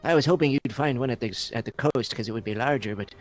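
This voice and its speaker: A man's voice: medium pitch, fast, over music. A man playing a tabletop game who speaks thoughtfully, with many fillers. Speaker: player. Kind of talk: casual tabletop game chat.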